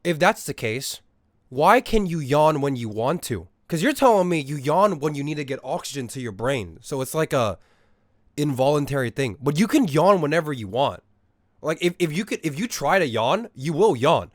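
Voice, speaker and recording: Brief: male streamer, slightly high voice, animated and profane, casual live chat. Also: moderate pace, no room sound, studio quality. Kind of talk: casual chat reading viewer messages.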